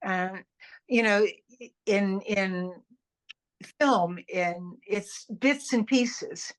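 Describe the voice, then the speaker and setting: An older actress, a guest in an interview, talking in a rambling, animated way with many restarts and repeated words. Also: female voice, medium pitch, very slow. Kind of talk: casual interview chat.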